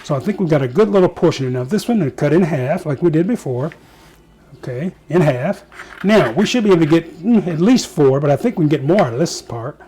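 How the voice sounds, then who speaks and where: A man's voice: a little high, lively intonation, brisk, mellow, breathy edge. A man hosting a casual home cooking show, chatting to viewers and joking at himself as he cooks in his kitchen.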